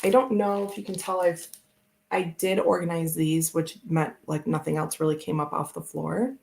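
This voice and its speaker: Woman, tarot stream host; low, gravelly, loose and chatty. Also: little pitch movement, moderate pace, darkish tone. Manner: chatty, rambling, laughs often. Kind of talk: casual live-stream chat.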